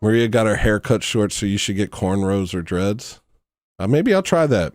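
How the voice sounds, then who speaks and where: A man with a fairly low voice hosts a livestream, ranting bluntly and rambling with frequent restarts. His intonation is lively and his speed normal, and the studio-quality recording has no echo.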